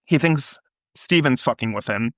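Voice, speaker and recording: A man co-hosting a podcast reads a phone call transcript aloud, acting out the quoted lines. His medium-pitched voice is expressive and moves at a normal speed. The recording is dry and of studio quality.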